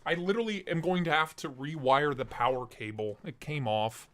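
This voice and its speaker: A man's voice: a little high, normal speed. Man talking through a voice changer. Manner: casual, chatty, reads out chat and laughs. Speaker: live stream host. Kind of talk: casual live stream chat.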